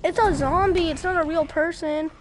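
A young woman loudly commenting on her VR game, swearing often and breaking into frustrated yelling. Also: extremely high pitch, steady tone, moderate pace, noisy background. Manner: loud, profane, swings into shouting frustration. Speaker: VR gamer. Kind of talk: casual gameplay commentary.

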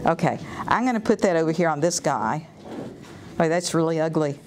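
A woman's voice: low-pitched, animated, moderate pace, a little mellow, a little hiss or hum. A woman artist from the US South giving a live painting demonstration, chatting enthusiastically and thinking aloud as she works. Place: art studio or gallery room.

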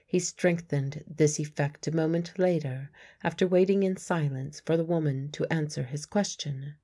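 A woman audiobook narrator reading a story in a measured way. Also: low-pitched, dark tone. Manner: measured storytelling, voicing several characters. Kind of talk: scripted narration.

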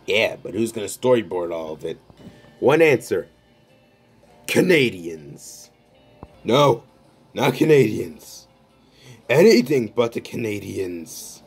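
A man talks through an unscripted comedy sketch, trading jabs as if several voices share the conversation. His voice sits low, and he takes his time with every line. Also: very animated, slow pace, long pauses, husky, faint music behind. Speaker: creator of an improvised comedy skit.

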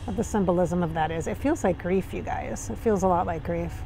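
A woman's voice: fairly low pitch, a little fast, vocal fry, warm tone, faint music behind. A woman from Minnesota, channeling in a chatty way with dry sarcastic humor, recorded outdoors at sunrise. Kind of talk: casual spiritual channeling talk.

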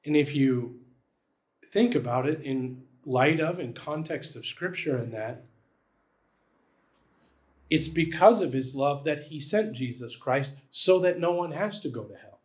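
High-voiced man preaching a sermon. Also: lively intonation, measured pace, long pauses. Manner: conversational preaching, frequent "right?" asides. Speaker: pastor. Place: church.

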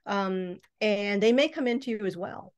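This mystic guest speaks smoothly at a moderate pace in a mid-range voice, though she rambles with many restarts and hesitations. The casual podcast was recorded remotely or in a studio.

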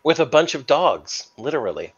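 A man's voice: fairly high pitch, big pitch swings, moderate pace, slightly rough. Man joking dryly over dull call audio. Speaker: guest co-host. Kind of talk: casual podcast chat.

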